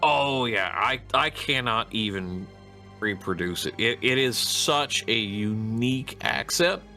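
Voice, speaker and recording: A man's voice: mid-range voice, expressive, slow pace, pushed and bright, faint music behind. A man with a Midwestern American accent, chatting as a guest on a casual podcast in a rambling, hesitant way. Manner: rambling, hesitant, with many restarts. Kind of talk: casual chat.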